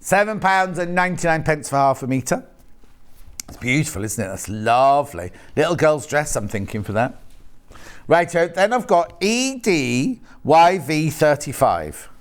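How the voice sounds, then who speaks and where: A man hosting live TV shopping from a studio, with a fairly high voice for a man. He keeps up a chatty, teasing patter and reads prices and stock codes clearly. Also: big pitch swings, unhurried. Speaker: shopping channel presenter. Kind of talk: live TV sales chat. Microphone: earpiece and studio mic.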